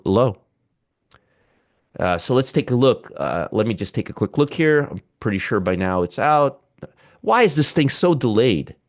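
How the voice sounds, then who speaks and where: A man hosting live market commentary, ranting sarcastically and muttering over charts as he reads them. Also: fairly low pitch.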